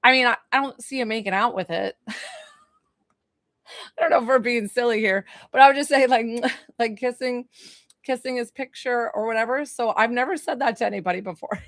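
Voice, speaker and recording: A woman's voice: fairly high pitch, moderate pace, no echo, clean studio sound. A woman from New York giving a spiritual reading on a phone livestream, gushing, laughing often and chatting with viewers. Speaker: psychic medium.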